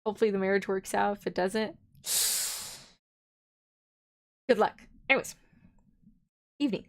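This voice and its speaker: Woman streamer, reads a novel aloud with playful giggly asides; gravelly voice, mid pitch. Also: a little slow. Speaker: vtuber streamer.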